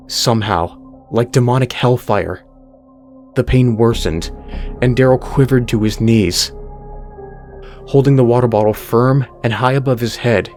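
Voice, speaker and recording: A man narrates a horror story in an unhurried, deliberate read. He lets each sentence land slowly and keeps his voice in an average register. Soft music plays quietly underneath. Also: medium pitch. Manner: slow, deliberate reading. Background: faint music.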